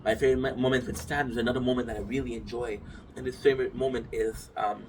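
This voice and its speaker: A man's voice: medium pitch, fairly even intonation, fast. A man talking casually about a figure from his collection, rambling, restarting sentences and swearing freely. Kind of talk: casual rambling talk to camera. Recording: distant mic with noisy room ambience.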